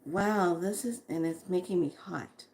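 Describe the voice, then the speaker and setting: Slow-talking woman in a spiritual vlog. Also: on the low side, a little mellow. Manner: slow, breathy exclamations, bursts of whooping and laughter. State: sweating, overheated. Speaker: spiritual vlogger. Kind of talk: casual spiritual vlog, reading names aloud.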